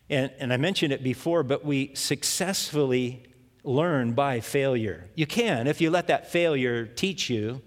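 A male pastor preaching a sermon in a lively storytelling manner, repeating words for emphasis. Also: medium pitch, in a large hall.

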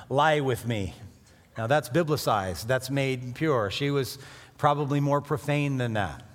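A middle-aged male preacher delivers a sermon in a relaxed, conversational tone, then breaks into sudden emphatic rises. His voice sits in an ordinary middle register, and the recording carries a long reverb from a church hall. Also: medium pitch.

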